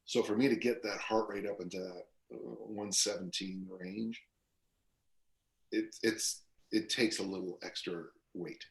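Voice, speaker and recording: A man's voice: on the low side, fairly even intonation, measured pace, gravelly. A man in his sixties, a strength coach talking as a podcast guest in a loose, rambling storytelling way, full of fillers and restarts. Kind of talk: casual podcast interview. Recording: roomy echo.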